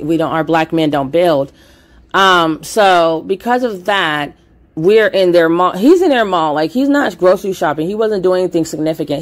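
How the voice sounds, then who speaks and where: A woman giving a blunt, heated commentary monologue, with frequent swearing. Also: lowish voice. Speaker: commentary vlogger.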